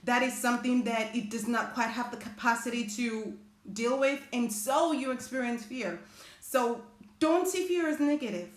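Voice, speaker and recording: Speaking at a moderate pace in a voice on the high side, a woman leads a live motivational talk, chatting with viewers and reading their comments aloud. The room she's in is echoey.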